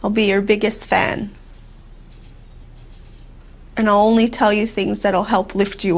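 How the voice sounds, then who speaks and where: A woman as a therapy client, speaking in a heartfelt, halting way with emotional pauses, on a dull lo-fi recording. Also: medium pitch, level tone. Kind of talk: emotional therapy role-play.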